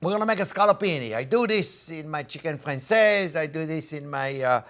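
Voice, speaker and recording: A man's voice: on the high side, lively intonation, brisk, noisy background. An older man hosting a cooking demonstration, enthusiastic and coaxing, talking straight to viewers as his friends. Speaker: chef and cooking show host.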